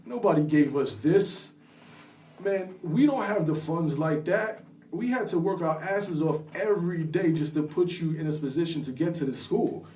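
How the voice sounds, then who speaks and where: A man's voice: fairly high pitch, moderate pace, dark tone, echoey room, distant mic, slight background noise. A father co-hosting a podcast, talking emphatically and repeating his points. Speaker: co-host, father. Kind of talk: casual podcast chat.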